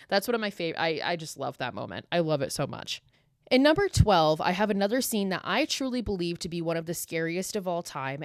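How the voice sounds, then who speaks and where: A woman in her late twenties from the US East Coast hosting a solo podcast, telling stories in an emphatic, profane, animated way. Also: fairly low pitch, no echo, clean studio sound. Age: late 20s. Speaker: podcast host. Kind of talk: casual solo podcast monologue.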